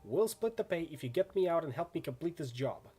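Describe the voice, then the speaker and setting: A man's voice: a little high, sing-song, a little fast, dark tone. A man reading as a trapped runner begging for help. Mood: pleading. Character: runner trapped in a pipe, pleading.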